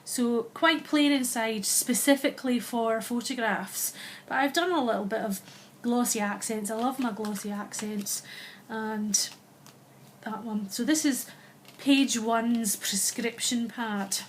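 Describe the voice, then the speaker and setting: A Scottish woman casually walking through her handmade album, chatty and unhurried, often pausing to find the right word. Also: on the high side, a little hiss or hum. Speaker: crafter showing a handmade album. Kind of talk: casual show-and-tell walkthrough.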